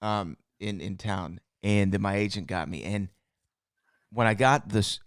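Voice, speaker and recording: A man's voice: lowish voice, measured pace, smooth, no echo, clean studio sound. A man with a Southern American accent, co-hosting a podcast in a casual, chatty way. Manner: relaxed, chatty, frequent fillers. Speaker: podcast co-host. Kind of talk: casual chat.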